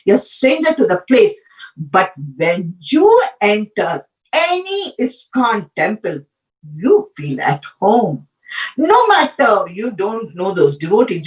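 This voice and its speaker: A woman speaks earnestly at a devotional gathering, her voice rising and falling in a lively, fairly high line. She stops often on fillers and restarts her sentences. She sounds a little away from the mic. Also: far from the mic, poor audio. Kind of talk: devotional talk.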